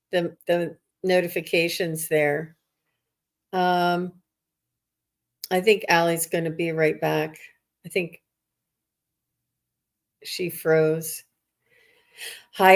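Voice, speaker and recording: A woman psychic medium chatting on a live stream over a video call, reassuring and greeting viewers by name. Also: on the low side.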